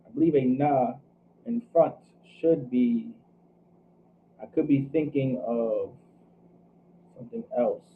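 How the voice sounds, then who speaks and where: A man's voice: medium pitch, slow, long pauses, phone-quality sound, a little hiss or hum. Guy teaching a hebrew class over a thin phone-ish line, talks it through, lots of "all right". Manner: thinks aloud, checks himself, repeats "all right" often. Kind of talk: teaching a scripture language class.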